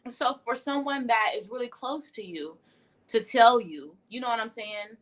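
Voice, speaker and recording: A young woman with a slightly high voice gives a casual tarot reading on a livestream, speaking at a normal speed. She's blunt and profane as she talks through this laid-back spiritual session.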